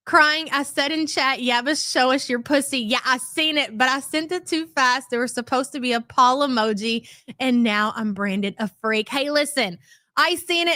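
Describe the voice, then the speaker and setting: A woman's voice: sits high, bright, forceful tone, no echo, studio quality. A middle-aged woman hosting a casual commentary livestream, greeting chat by name and swearing freely. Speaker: livestream host.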